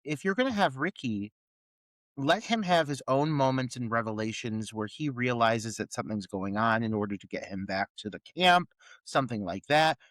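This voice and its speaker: A man's voice: mid-range voice, moderate pace, fairly bright tone, no echo, low-quality recording. A man co-hosting a podcast in casual film review chat, exasperated and ranting in rhetorical questions with plenty of swearing. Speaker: podcast co-host.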